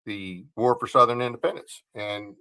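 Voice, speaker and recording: A man hosting a casual interview, speaking haltingly with many fillers. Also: lowish voice, steady tone, sharp tone, clear, resonant tone. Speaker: show host.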